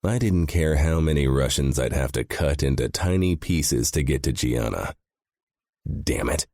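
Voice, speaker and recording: A man's voice: rumbling low, lively intonation, measured pace, a little mellow, no room sound, clean studio sound. A man narrating a first-person audiobook with a grim, intense delivery.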